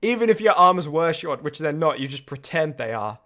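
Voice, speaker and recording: A man's voice: a little high, very animated, normal speed, fairly bright tone. Giggly rambling man streamer. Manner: rambling, laughs often, many restarts. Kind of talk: casual commentary on own videos.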